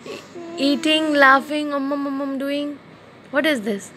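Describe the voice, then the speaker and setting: A woman's voice: high-pitched, steady tone, unhurried, sharp tone, a little hiss or hum. A woman talking baby talk to a baby at home, coaxing and playful with sing-song questions, recorded on a phone.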